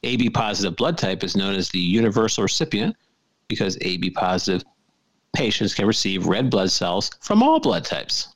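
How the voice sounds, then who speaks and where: A man with a lowish voice jokes his way through a podcast conversation. His pitch swoops up and down with lots of expression, and he breaks into laughs often. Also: very animated, normal speed, dry recording. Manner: jokey, laughs often, reads facts aloud. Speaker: podcast co-host. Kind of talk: casual chat.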